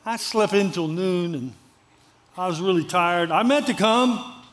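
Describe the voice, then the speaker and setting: A loud, joking East Coast man, as a preacher puts him on, with a high voice and an easygoing, mock-pleading way of excusing himself. He barely changes his own voice for it. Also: unhurried.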